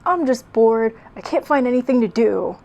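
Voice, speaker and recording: A cocky young male hedgehog hero, as a woman reads him from her fan story. He sounds cool and offhand, with a slightly raised pitch. A gravelly fry runs through his lines. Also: expressive, normal speed, darkish tone, dull audio. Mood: laid-back. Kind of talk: reading her old fanfic aloud.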